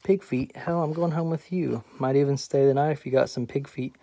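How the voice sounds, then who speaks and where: A man's voice: mid-range voice, fairly even intonation, fairly quick, mellow, dry recording, natural voice. A man reading as brash boastful Troy. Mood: teasing. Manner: swaggering, teasing, storytelling. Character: Troy, brash boastful middle-aged male garbage collector.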